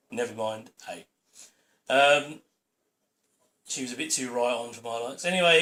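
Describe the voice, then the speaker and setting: A man's voice: mid-range voice, pushed and bright. A man giving a rambling, opinionated audio commentary over a sitcom episode on his channel. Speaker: channel host. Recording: roomy echo.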